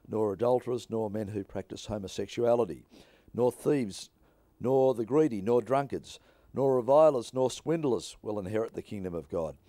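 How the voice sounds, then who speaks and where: A man reading scripture aloud in a measured, announcer-style delivery. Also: fairly low pitch, mellow, no room sound. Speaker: scripture reader.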